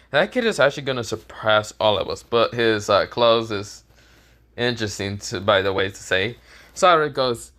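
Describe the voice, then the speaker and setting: Rambling, bright-voiced male storyteller. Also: lowish voice. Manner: rambling, stops for lost words, laughs at own jokes. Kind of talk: casual fan-fiction storytelling.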